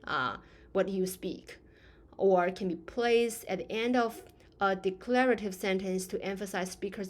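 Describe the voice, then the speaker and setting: A woman teaching a lesson in English, explaining patiently with many fillers and acting out example phrases. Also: medium pitch. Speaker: Chinese language teacher.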